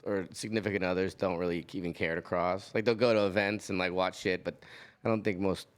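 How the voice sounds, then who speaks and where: A man's voice: low voice, fairly even intonation, fairly quick, clean tone. A man hosting a podcast, asking questions and joking along in a casual chat. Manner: easygoing, asks questions, jokes along. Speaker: podcast host.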